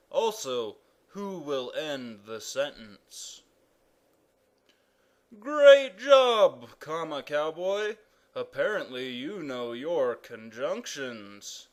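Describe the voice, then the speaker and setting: A man voicing a pompous, loud male king who proclaims grammar rules in an animated cartoon. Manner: booming proclamations.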